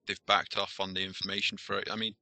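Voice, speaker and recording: A man's voice: sits low, monotone, fast talker, pushed and bright, no room sound. A man chatting casually on a gaming podcast, easygoing and laughing along. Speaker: podcast co-host. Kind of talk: casual chat.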